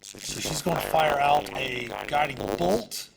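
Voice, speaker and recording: A man's voice: fairly high pitch, sing-song, a little slow, vocal fry, a crowd in the background, poor audio. A man narrating as game master in casual, filler-heavy speech. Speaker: dungeon master.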